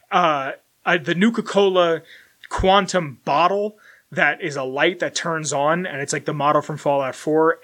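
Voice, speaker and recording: A young man casually chatting through an unboxing, rambling and self-deprecating, with sudden bursts of loud excitement. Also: a little high. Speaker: collector unboxing merchandise. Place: home room with collectibles shelf.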